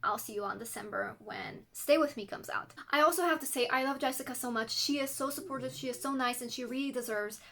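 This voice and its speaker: A woman with a non-American English accent chats enthusiastically in a book vlog, mixing casual talk with reading blurbs aloud. Her voice sits high and is a bit bright, and she speaks fast with few pauses.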